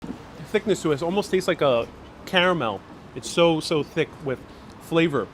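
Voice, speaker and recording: This travel vlogger's voice is on the high side and expressive, and he moves at a moderate pace while live-streaming outdoors on city streets from a phone in his hand. He's casual and laughs often, with many fillers and restarts, and a little hiss or hum comes through.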